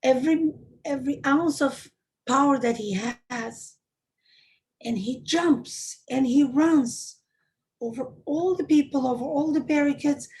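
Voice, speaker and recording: Rebbetzin lady telling a story to a women's class, gravelly, kinda high, really emphatic. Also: darkish tone, poor audio. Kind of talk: storytelling talk.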